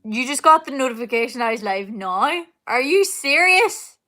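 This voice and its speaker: Animated and high-voiced, a young singer speaks at a moderate pace in a pushed, bright tone. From home, indoors, she hosts a live Q&A, chatting casually through stream comments with rambling talk, fillers and frequent laughs.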